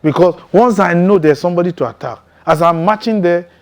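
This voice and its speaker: A man's voice: sits high, a little fast. A man giving a testimony sermon, telling his story intensely and emphatically, with frequent chuckles.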